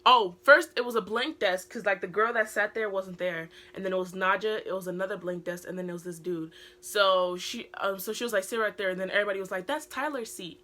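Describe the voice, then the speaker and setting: Teen girl, British accent, casual storytime vlog, rambling with fillers, bright voice. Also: medium pitch, fairly even intonation, brisk, few pauses. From Britain. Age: teens. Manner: rambling, heavy use of filler words. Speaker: vlogger.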